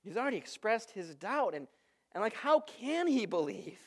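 A man in his thirties, a pastor giving a sermon in a relaxed, conversational storytelling way. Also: sits high, moderate pace. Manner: conversational, storytelling with lively asides.

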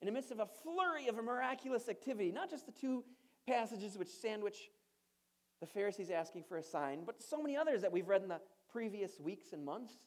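A man's voice: sits high, animated, a little fast. Man preaching in a conversational way. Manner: conversational preaching, rhetorical questions, playful asides. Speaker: pastor. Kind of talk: sermon.

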